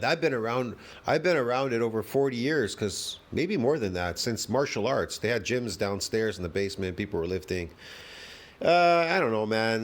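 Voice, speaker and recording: A middle-aged man talks through a reaction video in a loose, rambling way. He leans on sarcasm, often jumps up in pitch to mock, then sinks into low, quiet asides. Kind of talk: casual reaction commentary.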